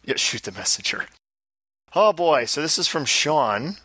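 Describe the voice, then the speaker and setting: A man's voice: fairly high pitch, big pitch swings, bright, forceful tone, slightly rough, no room sound. A man co-hosting a casual podcast, rambling and joking about pinball machines. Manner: rambling, joking, fast asides. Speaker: podcast co-host. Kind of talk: casual chat.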